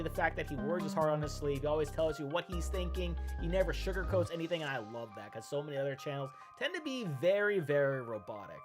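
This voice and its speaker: A man hosting a reaction channel, giving an upbeat, chatty intro and plugging his channel with the odd filler. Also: a little high. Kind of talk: casual video intro and channel promo.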